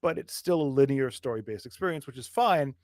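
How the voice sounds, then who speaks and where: A man's voice: medium pitch, expressive, brisk, a little mellow, no room sound, studio quality. A man co-hosting a gaming podcast in casual chat, earnest and thinking aloud with restarts. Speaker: podcast co-host.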